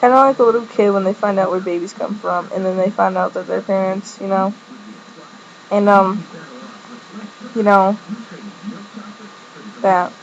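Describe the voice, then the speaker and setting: A woman's voice: fairly even intonation, a little slow, pauses often. A woman giving a casual fan recap of a TV episode, chatty and rambling, stringing events together with "and then she's like". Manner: acts out quoted lines with jumps in pitch. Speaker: fan reviewer. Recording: muffled lo-fi home recording with faint hiss.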